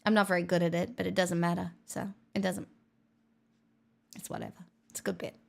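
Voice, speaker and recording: A woman's voice: fairly low pitch, level tone, brisk, creaky. A young adult woman streaming, reading chat aloud in a playful, teasing casual chat.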